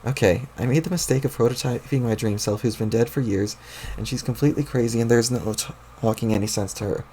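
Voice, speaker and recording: A man's voice: medium pitch, fast talker, dark tone, slight background noise, close to an everyday voice. A man reading a webcomic aloud, putting on the voice of a bossy, exasperated young girl who scolds and swears.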